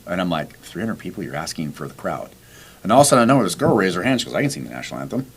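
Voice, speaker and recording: Deep-voiced man, lively storyteller. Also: racing, breathy edge. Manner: animated, acts out quoted dialogue. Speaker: podcast host. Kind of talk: casual storytelling chat.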